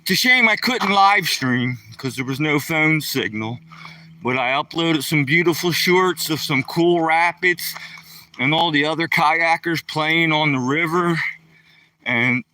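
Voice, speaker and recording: A man's voice: a little high, unhurried, bright, forceful tone, dry recording, far from the mic. A man livestreaming casually, rambling in a folksy way and chatting to viewers by name. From Pennsylvania. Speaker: livestreaming vlogger. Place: outdoors by a lake, walking a dog.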